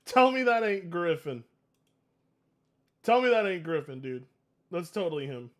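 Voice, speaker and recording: A man in his late twenties reacting to clips on a live stream, excitable, laughing often and swearing. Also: high voice, measured pace. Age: 20s.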